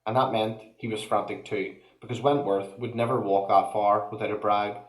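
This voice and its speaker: A man reading a novel aloud in a steady, expressive storyteller's voice. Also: lowish voice, normal speed. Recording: echoey room.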